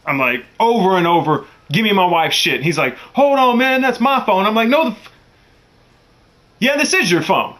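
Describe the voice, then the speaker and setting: Casting: young man, higher bright tone, profane animated storyteller. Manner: animated, profane, acts out quotes in raised voice. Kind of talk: casual storytelling.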